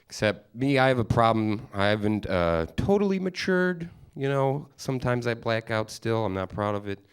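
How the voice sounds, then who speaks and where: A man's voice: mid-range voice, sing-song, normal speed, clean tone. A young man hosting a live stand-up special, telling loose, self-mocking stories with crude punchlines on a studio stage. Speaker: stand-up comedian and host. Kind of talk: stand-up comedy set.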